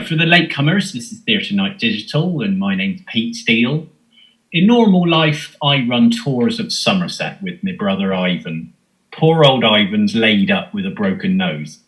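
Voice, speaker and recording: A man hosts an online theatre evening. He speaks in a bright, forward voice. His manner is casual and jokey, and he stumbles over ums between remarks. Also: medium pitch, low-quality recording. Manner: casual and joking, with hesitant ums. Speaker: host. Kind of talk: live-stream introduction.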